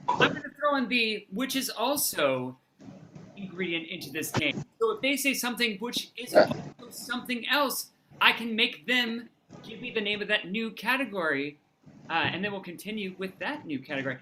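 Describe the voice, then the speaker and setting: An energetic improv comedy referee hosting a game with playful, quick game-show patter. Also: medium pitch, very noisy.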